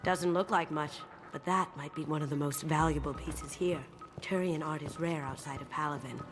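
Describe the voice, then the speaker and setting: Woman playing a wry sarcastic thief lady in a game, low voice, music under it. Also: steady tone, normal speed, lightly acted. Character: sly female thief, art-loving and wry. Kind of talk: video game voice acting.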